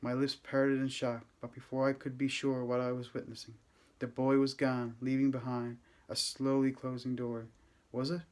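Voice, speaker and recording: A man with a mid-range voice reads a first-person novel aloud as an audiobook reader. His storytelling is steady, gentle and unhurried.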